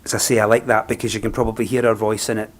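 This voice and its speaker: A man with a Scottish accent, a funeral celebrant speaking a eulogy in a gentle, reflective, unhurried way. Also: on the low side, level tone.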